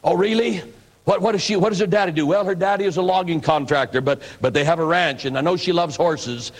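An older preacher from the American Northwest recounts his testimony in a folksy, storytelling way. His voice sits a little higher than most men's. He acts out the people in his story as he talks. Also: a little fast, low-quality recording. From northwestern United States. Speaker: pastor and evangelist. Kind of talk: personal testimony sermon.

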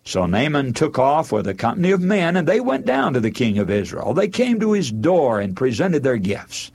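A man preaching a sermon, retelling a Bible story with animated storytelling and acting out the characters' lines. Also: medium pitch, normal speed.

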